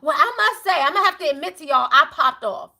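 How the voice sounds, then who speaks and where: A middle-aged woman giving a live tarot reading to viewers, animated and preachy, casual and outspoken, dropping to a hush when she prays. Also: high voice, fast, creaky. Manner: animated, preachy, swinging from loud to hushed prayer; casual, outspoken, swears freely. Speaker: tarot reader.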